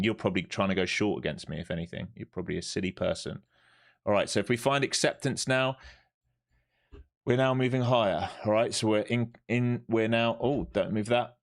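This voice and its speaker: A man commentating his trades live on a stream, swearing and mocking viewers in chat. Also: on the low side. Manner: urgent cheering at the price chart.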